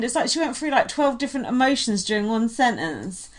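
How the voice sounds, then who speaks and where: A woman's voice: sits high, quick pace, few pauses. A woman co-hosting a casual chat, animatedly retelling reality TV moments and slipping into quoted voices. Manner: chatty, animated retelling with frequent quoted impressions. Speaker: podcast co-host.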